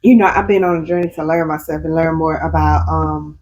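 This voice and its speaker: A woman's voice: deep voice, a little fast, slight background noise, rough recording. A woman co-hosting a casual chat, telling stories with acted-out quotes, laughing often. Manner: animated storytelling, acting out quotes, laughs often. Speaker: podcast co-host.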